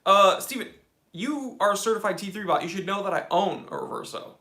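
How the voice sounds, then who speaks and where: Bright-voiced enthusiastic American man streaming. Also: high voice, animated, a little fast. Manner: casual, enthusiastic, says dude a lot. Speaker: watch channel host. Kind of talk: livestream chat reading comments.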